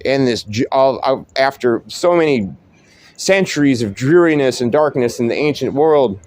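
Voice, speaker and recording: A man's voice: medium pitch, animated, moderate pace, darkish tone. A man hosting a casual monologue, rambling and profane with frequent restarts. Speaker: host.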